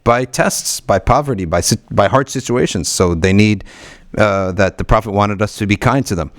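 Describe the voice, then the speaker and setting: A man teaching a weekly religious study circle, reading Arabic passages quickly and then explaining them in English, with frequent restarts. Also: fairly low pitch, dry recording, studio quality. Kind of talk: conversational religious lesson.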